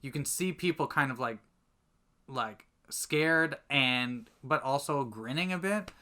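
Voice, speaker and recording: A man telling a lively anecdote as a guest on a casual podcast, full of fillers and restarts. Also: mid-range voice, takes it slowly. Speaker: podcast guest, commercial content producer. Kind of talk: casual storytelling chat.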